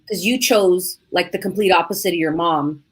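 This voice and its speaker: A woman hosting a podcast in casual conversation, animated and acting out her own past inner thoughts as she talks. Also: on the low side, moderate pace, husky. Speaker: podcast host.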